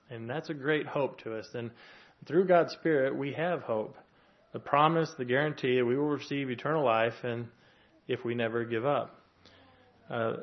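Guy preaching in an everyday mid voice, earnest and a bit halting, muffled lo-fi audio. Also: medium pitch. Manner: earnest, plain-spoken, with many fillers and restarts. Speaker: lay preacher soon to be a pastor. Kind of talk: conversational sermon. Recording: dull lo-fi recording.

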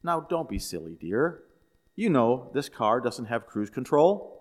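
A man voicing a wife in a joke, speaking sweetly and calmly as she corrects her husband. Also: medium pitch, moderate pace, natural voice. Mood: sweetly tattling. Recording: echoey hall.

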